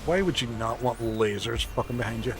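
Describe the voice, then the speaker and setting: A man's voice: mid-range voice, fairly quick, noisy background. A man, commentating his live gameplay and bantering profanely with chat. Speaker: gaming streamer.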